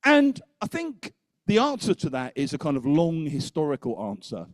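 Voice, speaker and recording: Animated man giving a conference talk. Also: a little high, moderate pace, no echo. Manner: lively storyteller, keeps checking in with "okay?". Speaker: speaker at a teachers' conference.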